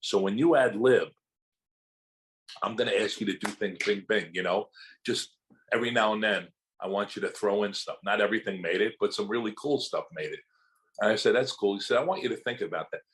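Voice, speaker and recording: An older man tells stories as an interview guest, his voice sitting a little low. He talks in a loose, animated way and slips into quick impressions of the people in his tales. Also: poor audio. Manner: animated anecdotes, acting out quotes from others. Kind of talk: storytelling in a casual interview.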